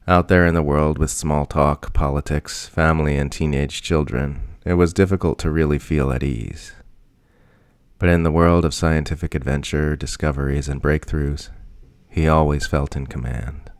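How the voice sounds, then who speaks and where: A man narrating a short story in a measured, even manner. His voice is extremely deep, and the recording is dry, close and free of room sound. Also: clear, resonant tone, dry recording. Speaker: audiobook reader.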